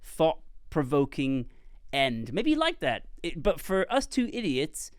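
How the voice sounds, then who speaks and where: A man co-hosting a movie podcast, telling stories in an animated, casual way and laughing often. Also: fairly high pitch, unhurried, dry recording, studio quality. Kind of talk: casual chat.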